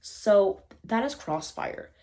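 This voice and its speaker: A woman's voice: mid-range voice, expressive, slow, mellow. A young woman casually reviewing old films on her channel, rambling, correcting herself and apologizing often. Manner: chatty, rambling, frequent self-corrections and apologies. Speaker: film reviewer. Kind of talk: casual unscripted film review.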